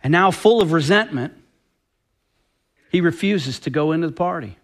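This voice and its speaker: A man's voice: on the high side, lively intonation, normal speed. A man preaching a sermon with passion and emphasis, often acting out quoted dialogue. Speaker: pastor.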